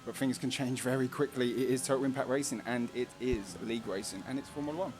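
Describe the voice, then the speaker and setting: A man's voice: mid-range voice, steady tone, quick pace, music in the background. A man with a Cockney accent giving casual, jokey live race commentary, laughing often.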